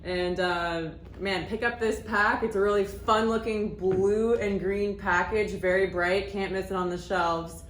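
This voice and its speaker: A woman's voice: medium pitch, steady tone, measured pace, few pauses, reverberant, slight background noise, rough recording. A woman on a radio show talking up a beer in an upbeat, casual way. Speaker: radio guest.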